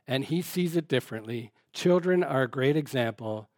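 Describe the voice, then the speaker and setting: A man's voice: mid-range voice, lively intonation, moderate pace, darkish tone, no room sound, clean studio sound. A man preaching a sermon in an earnest, conversational way, posing rhetorical questions and often restarting his sentences. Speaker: pastor.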